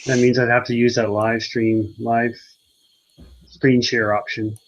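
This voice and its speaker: A man's voice: medium pitch, little pitch movement, measured pace. A man hosting a casual group chat, joking and teasing, giving tech advice. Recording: dull, lo-fi mic.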